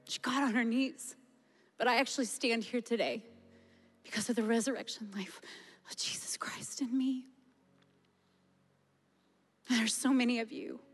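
Woman preacher in her 40s, passionate and fairly high-voiced, long hall reverb with faint music underneath. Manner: passionate, shifting to hushed prayer. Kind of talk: sermon testimony and prayer. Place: large church hall. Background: soft music.

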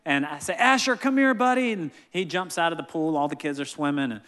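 A man in his thirties preaching a sermon, telling family stories with animated delivery and acting out voices. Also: fairly high pitch, fast. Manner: animated storytelling, acts out family members' voices. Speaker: pastor. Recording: long hall reverb.

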